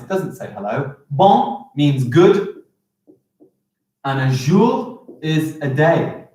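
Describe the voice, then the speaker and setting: A young man teaching a live online lesson to young children, with animated and exaggerated pronunciation. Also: medium pitch, reverberant. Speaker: primary school teacher.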